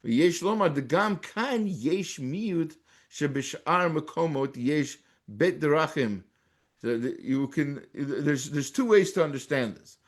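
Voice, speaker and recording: A man's voice: a little high, expressive, slow pace. A man with an American accent teaching a Torah class as a rabbi. He reads Hebrew texts aloud and translates them, with frequent restarts.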